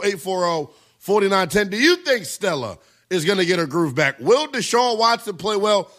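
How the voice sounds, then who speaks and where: A man's voice: sits high, bright, forceful tone. A man hosting a sports talk radio show, giving brash, emphatic opinions and taking calls.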